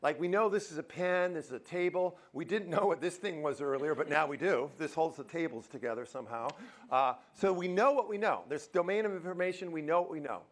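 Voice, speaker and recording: A motivational speaker with a voice on the high side talks a little fast before a university auditorium audience. His live talk is lively and full of jokes, and he quizzes the listeners.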